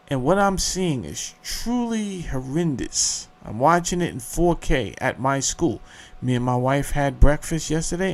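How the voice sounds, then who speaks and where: A man's voice: medium pitch, a little mellow. A middle-aged man hosting a show, ranting in a heated, profane monologue. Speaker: show host.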